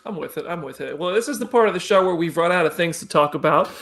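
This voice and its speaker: A man's voice: a little high, expressive, fast, fairly bright tone. A man hosting a casual live chat show, chatting loosely and passing questions to his co-hosts. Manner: chatty, reads viewer comments, throws questions to co-hosts. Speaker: podcast host.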